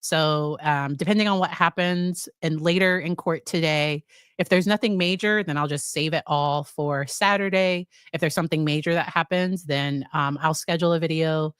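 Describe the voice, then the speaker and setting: A woman's voice: low-pitched, steady tone, moderate pace, clear, resonant tone, no room sound, studio quality. A woman psychologist hosting a casual live stream, chatting with her viewers about a trial. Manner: chatty, addresses her live chat directly.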